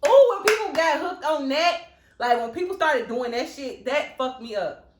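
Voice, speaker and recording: Woman host, casual, lively pitch, blunt and profane, echoey room. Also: normal speed, background noise. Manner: blunt, joking, profane interjections. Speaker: mukbang host. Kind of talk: casual chat.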